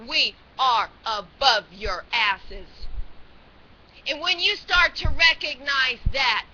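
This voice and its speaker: A woman with a very high, bright and forceful voice delivers a profane, scolding rant, slow and deliberate in her pacing. She breaks into shouts now and then. The sound is dull lo-fi webcam audio with a faint hiss and clicks behind it. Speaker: webcam ranter. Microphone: built-in webcam mic.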